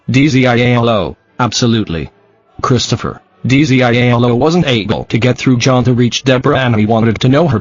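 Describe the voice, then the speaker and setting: A man reading a true-crime podcast transcript aloud, speaker names and spelled-out letters included, in a flat, even delivery. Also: mid-range voice, breathy edge, no echo, dull audio.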